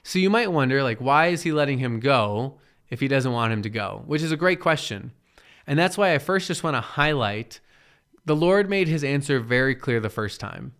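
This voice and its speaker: A man's voice: mid-range voice, expressive, moderate pace, fairly bright tone, clean tone. A man giving a casual Bible teaching in a conversational way, often checking in with "right?" and acting out quoted characters. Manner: acts out quoted characters in the retelling.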